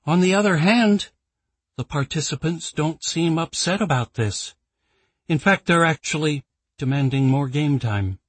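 A man voicing a tired woman executive giving a formal report in an audiobook, slow and weary. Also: on the high side, breathy edge, dry recording, voice pushed up.

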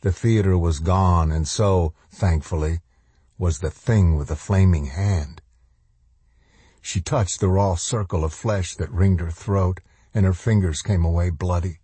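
A man narrating a horror novel in a measured, steady storytelling manner. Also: low-pitched, slightly rough, dry recording. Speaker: audiobook narrator.

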